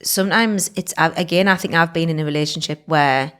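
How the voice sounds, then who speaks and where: A woman's voice: deep voice, fairly quick, fairly bright tone, smooth. A woman, co-hosting a casual podcast chat and telling stories full of acted-out quotes. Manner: chatty storyteller, lots of fillers and acted-out quotes. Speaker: podcast co-host.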